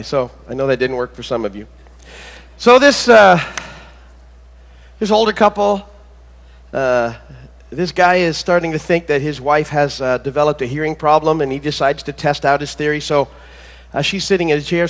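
Male pastor, high voice, folksy halting sermon with fillers and dad jokes, long church-hall reverb. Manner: conversational, halting with many fillers and restarts; tells corny jokes between teaching.

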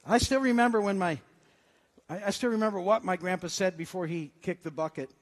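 In a church sanctuary with long hall reverb, a pastor with a high voice preaches a little fast. His sermon is conversational, and he slips in jokes between readings of scripture.

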